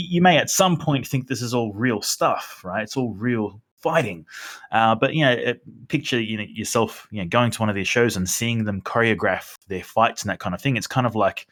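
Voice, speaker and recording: A man's voice: lowish voice, normal speed, a bit bright. A man chatting on a podcast, telling a story in a rambling way with many fillers and restarts. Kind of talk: casual chat.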